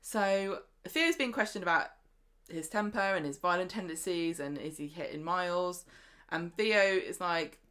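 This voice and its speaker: A woman's voice: fairly low pitch, unhurried. Chatty woman recapping soap drama. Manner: chatty, acts out characters' lines in animated bursts. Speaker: podcast co-host. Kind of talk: casual soap recap chat.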